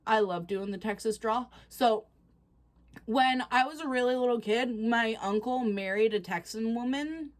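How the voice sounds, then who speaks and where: Chatty woman, bright voice. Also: a little high. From Canada. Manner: chatty and excitable, quick to laugh. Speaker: reaction channel host. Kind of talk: casual reaction vlog chat.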